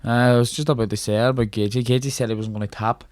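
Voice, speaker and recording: A man's voice: mid-range voice, fairly even intonation, fast, a little mellow, no room sound. A man in his twenties with a Northern Irish accent, a podcast guest and fighter who talks bluntly and confidently about his training, often in short replies. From Northern Ireland. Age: 20s. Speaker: podcast guest, mixed martial artist. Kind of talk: casual sports chat.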